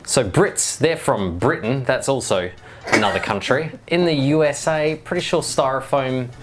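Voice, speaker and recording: Over music, a middle-aged man with a mid-range voice speaks at normal speed in a casual DIY video. He rambles and jokes while reading viewer comments, adding wry asides.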